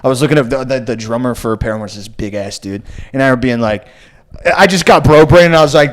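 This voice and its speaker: A man on a comedy podcast, telling a long story in a loose, rambling way. He swears often and fills his speech with "like", and his voice sits at an ordinary middle pitch for a man. He sounds like he is talking into a studio mic. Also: expressive, fast talker. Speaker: podcast host. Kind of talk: casual comedy podcast chat.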